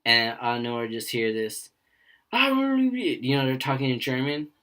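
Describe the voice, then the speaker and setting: A young man co-hosting a casual podcast, rambling through stories from his jobs. He keeps pausing on fillers and slips into short impressions of coworkers and customers. His voice sits at an ordinary middle pitch for a man. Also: fairly even intonation, bright, forceful tone, clean tone. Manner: rambling storyteller who acts out quoted voices. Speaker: podcast co-host.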